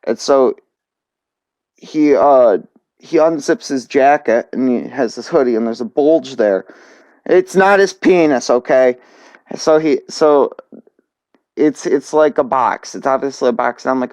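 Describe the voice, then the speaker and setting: A young man casually narrating a storytime, halting with many fillers and restarts. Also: mid-range voice, vocal fry, darkish tone, no echo. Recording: dull dry lo-fi recording.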